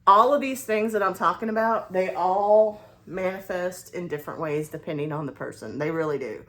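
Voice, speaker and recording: A woman's voice: lowish voice, normal speed. A woman in her forties with a Southern US accent, telling a casual confiding story with a rambling delivery and many restarts. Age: 40s. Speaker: vlogger.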